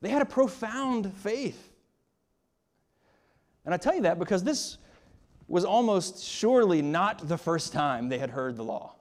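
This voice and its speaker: A man's voice: high voice, expressive, measured pace, pauses often. A man preaching a sermon, pressing his points with rhetorical questions and often repeating words as he starts a phrase. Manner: emphatic, with rising and falling emphasis and rhetorical questions. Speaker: pastor.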